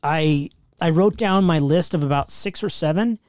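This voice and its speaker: Wisecracking male podcast co-host, slightly high. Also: normal speed, a little mellow, no room sound. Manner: wisecracking, dry comebacks. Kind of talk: casual chat.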